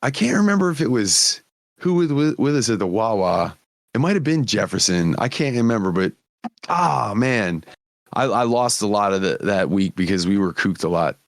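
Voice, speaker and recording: A man's voice: lowish voice, very animated, moderate pace, dry recording. A man hosting a podcast, telling stories in casual chat, swearing freely and laughing often. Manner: profane, laughing storyteller. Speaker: podcast host.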